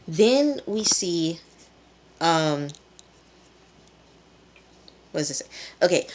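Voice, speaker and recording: A woman recapping and reviewing a TV episode in a chatty, rambling way, recorded on a hand-held phone. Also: lowish voice. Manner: chatty, rambling, with frequent fillers. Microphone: phone camera held in hand.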